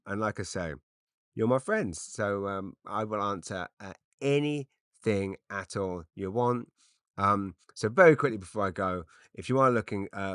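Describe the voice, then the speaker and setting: A man's voice: on the low side, fairly bright tone, clean tone, dry recording, studio quality. A middle-aged man from Britain, a comedian rambling through an unscripted solo podcast with lots of fillers and restarts, self-deprecating.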